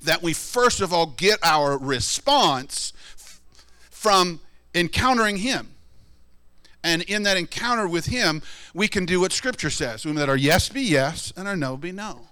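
A man preaching a sermon in a conversational, animated way, often acting out what people say. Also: a little slow, smooth. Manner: conversational, animated, acts out quoted people in high voices. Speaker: pastor.

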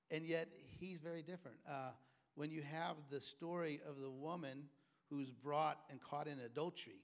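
A man preaching a sermon, telling stories and acting out quoted speech with loud, emphatic bursts. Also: on the high side, fairly even intonation, normal speed. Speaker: pastor.

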